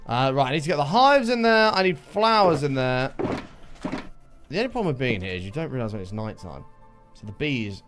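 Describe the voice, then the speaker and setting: A man on a casual gaming stream, chatty and sweary as he talks to his viewers. His pitch rises and falls a lot as he speaks, at a mid pitch, with faint game music behind him. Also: sing-song, a little fast, a bit bright. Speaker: livestreamer playing a video game.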